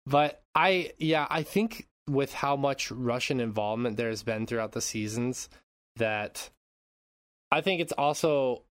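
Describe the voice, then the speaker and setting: A man's voice: mid-range voice, unhurried, dry recording. A young man hosting a casual podcast who laughs often, rambles, and swears while recapping an episode. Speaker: podcast host.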